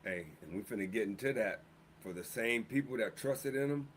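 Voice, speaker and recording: A man hosting a stream in relaxed, slangy casual talk, introducing the next videos. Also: on the low side, moderate pace. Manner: relaxed, loose street slang. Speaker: stream host. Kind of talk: casual chat.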